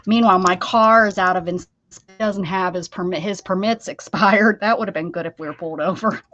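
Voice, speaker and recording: A woman's voice: medium pitch, brisk, a bit bright, no room sound, dull audio. An American woman hosting a craft livestream, chatting casually and teasing while she works, with frequent laughs.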